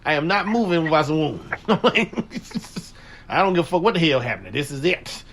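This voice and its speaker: A man with a high voice hosting a loose talk show. His pitch leaps all over as he tells crude, slangy stories and laughs often. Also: moderate pace. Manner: animated storytelling, frequent laughter, crude slang. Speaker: radio show host. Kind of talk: casual chat.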